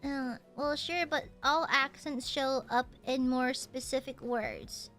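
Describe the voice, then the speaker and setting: Bright, high-voiced woman with a subtle Southern twang. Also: fairly even intonation, slow, faint music behind. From United States. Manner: chatty, playful, pouty teasing. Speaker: streamer. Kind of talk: casual chat reading donations.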